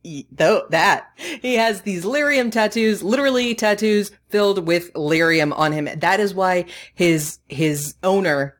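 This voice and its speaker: A woman's voice: medium pitch, unhurried. A woman co-hosting a podcast in casual chat, teasing and laughing often. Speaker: podcast co-host. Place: recorded live.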